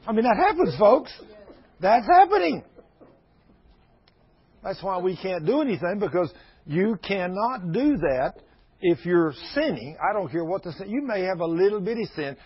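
A man's voice: fairly high pitch, slightly rough. Folksy preacher in his sixties. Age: 60s. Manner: folksy, emphatic, breaks into prayer. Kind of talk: sermon. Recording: dull lo-fi recording.

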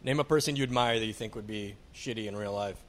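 A man with a low voice chats casually on a podcast. He stays easygoing while he poses the questions and moves the talk along. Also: quick pace. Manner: relaxed, steers the questions. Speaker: podcast co-host. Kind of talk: casual chat.

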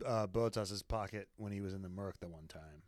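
A man co-hosting a casual podcast, talking in an animated, profane way and often slipping into mocking impressions. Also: sits low, a little fast, no echo, clean studio sound. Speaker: podcast co-host.

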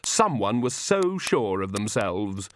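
A man's voice: medium pitch, animated, moderate pace, noisy background, pitched above the performer's own voice, close to an everyday voice. A man voicing a sneering, haughty young female vampire in a snide, scornful tone.

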